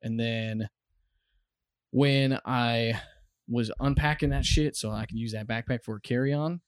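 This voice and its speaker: Young American man, profane rambling storyteller, close dry mic, middle pitch. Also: steady tone, measured pace, smooth, dry recording. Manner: rambling, profane, with many fillers. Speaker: podcast guest. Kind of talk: casual storytelling. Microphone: close studio mic.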